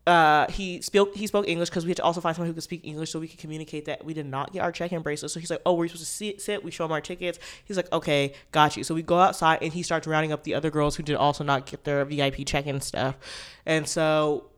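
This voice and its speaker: A young man telling a long story to camera in casual vlog chat, animated and full of "like" fillers. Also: fairly high pitch, fast talker. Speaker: vlogger.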